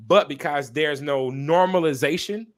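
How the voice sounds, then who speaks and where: A man speaking as a podcast guest and minister, talking candidly and passionately, repeating phrases for emphasis like a preacher and pausing to apologize for talking so long. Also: fairly high pitch. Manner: apologetic asides to listeners. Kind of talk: candid conversational testimony.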